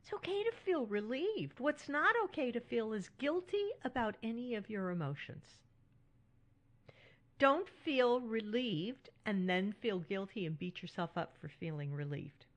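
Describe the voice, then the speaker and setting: A woman's voice: fairly high pitch, big pitch swings, a little slow. Reassuring woman hosting a solo podcast. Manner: warm, reassuring and frank, with frequent "right?" tags. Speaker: podcast host.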